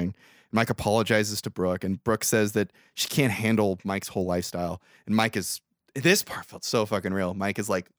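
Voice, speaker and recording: Man podcast co-host, low voice, dry close mic, profane animated recap. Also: normal speed, dry recording. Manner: profane, animated retelling with acted quotes. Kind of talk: casual movie recap chat.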